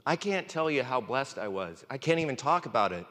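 An earnest, emotional man preaches, his voice holding a middle pitch. He sounds close to tears at times, and a long hall reverb trails behind his words. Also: sing-song, a little fast, a bit bright. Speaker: pastor. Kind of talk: sermon.

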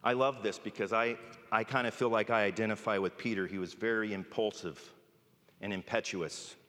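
A man's voice: fairly low pitch, fairly even intonation, normal speed, a bit bright. A man preaching a sermon in a conversational way, often checking in with "right?". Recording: long reverb of a large hall.

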